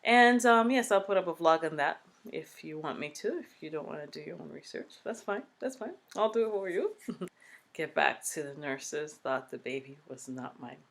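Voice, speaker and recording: A woman's voice: deep voice, normal speed. Chatty woman vlogger telling a story. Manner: chatty, animated, with asides. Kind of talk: storytime vlog.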